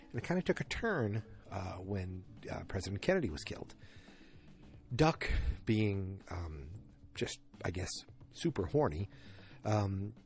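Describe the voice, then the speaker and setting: A man talks through a TV episode in a loose, rambling way, full of ums and restarts, with a fairly low voice. Faint music plays behind him in his home. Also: darkish tone. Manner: rambling, filler-heavy, acts out quotes in higher voices. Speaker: TV episode recapper. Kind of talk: casual spoken recap.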